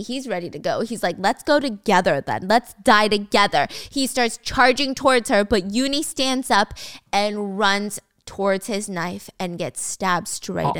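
A woman's voice: medium pitch, a bit bright, smooth, dry recording. A young woman casually recapping a dramatic story, with wry, chatty asides.

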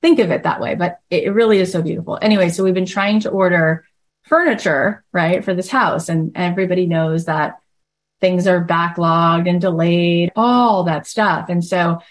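A woman hosting a podcast, telling a casual story in a chatty, animated way and acting out the other people in it. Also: fairly low pitch, normal speed. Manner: chatty, animated, acts out quoted voices. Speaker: podcast host.

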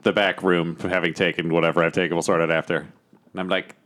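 A man playing a tabletop game, describing his character with quick, dry humor. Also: low-pitched, flat delivery, fairly bright tone. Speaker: player. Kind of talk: casual tabletop play.

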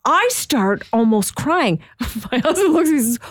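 A woman's voice: high-pitched, big pitch swings, moderate pace, no echo, clean studio sound. A middle-aged woman co-hosting a podcast, earnest and emotional in casual chat. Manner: earnest and emotional, laughs easily. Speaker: podcast co-host.

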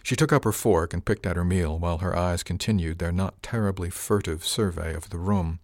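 A man narrates an audiobook in the first person. His voice sits low and his delivery is steady and even. The sound is dry and close to the mic. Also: a little fast, dry recording.

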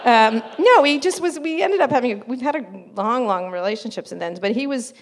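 Guest spot: middle-aged woman reporter, animated raconteur, breaks into laughs mid-story. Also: fairly high pitch, a little fast. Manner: animated, laughing asides, acts out quotes. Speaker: interview guest, journalist. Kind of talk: casual storytelling interview.

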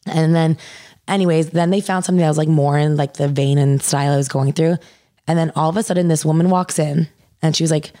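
Low-voiced young woman, filler-heavy storytelling. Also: steady tone, fast talker, mellow. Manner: says "like" constantly, swears casually. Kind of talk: casual storytelling chat.

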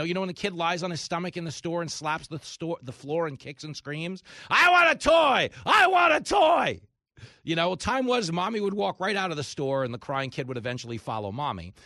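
A man's voice: fairly bright tone, no echo, studio quality. A man hosting a talk radio show, delivering an opinionated, sarcastic monologue and mocking his opponents. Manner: sarcastic, mocks opponents in shrill mimicking voices.

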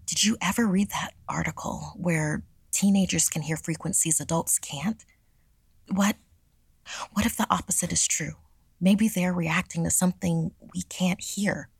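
A woman voicing a frightened teenage girl who talks in an urgent whisper, higher than her narration. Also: animated, slow, gravelly, husky, no echo, exaggerated voice.

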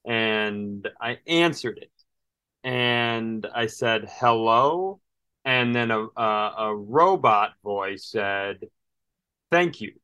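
A man's voice: fairly low pitch, very slow, pushed and bright, smooth, dry recording. Man with a slight drawl, very dry sound. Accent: slight Southern drawl. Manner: storytelling, acting out phone calls with voices; exasperated, swearing rants. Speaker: podcast co-host. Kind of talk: casual chat.

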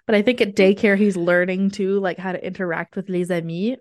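Talking fast with few pauses, this podcast guest has a mid-range voice captured in clean studio sound without echo. She's casual and lively, telling animated stories and laughing frequently.

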